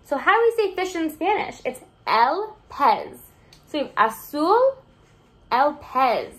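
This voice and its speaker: A woman's voice: high-pitched, very animated, moderate pace. Sing-song woman teacher reading to kids. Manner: sing-song, exaggerated and encouraging, asks questions to young listeners. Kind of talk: children's read-aloud lesson.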